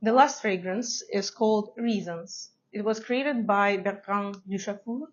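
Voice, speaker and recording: A woman's voice: mid-range voice, measured pace, muffled recording. A woman who is not a native English speaker, reviewing fragrances in a chatty, hesitant way and laughing often. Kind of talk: casual review to camera.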